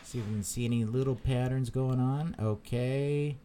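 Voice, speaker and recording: A man's voice: medium pitch, fairly even intonation, measured pace, hardly any pauses, dark tone, slight background noise. A man hosting a live stream, chatting casually and reading out viewer comments, rambling with many repeated words and fillers. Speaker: crypto channel host.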